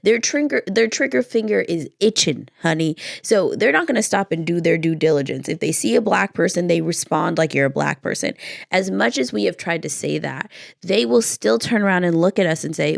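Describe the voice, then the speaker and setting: A woman's voice: fairly low pitch, moderate pace, vocal fry, no room sound, studio quality. An American woman hosting a solo podcast, talking in an impassioned, rhetorical way and driving her points home through repetition. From United States. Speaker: podcast host.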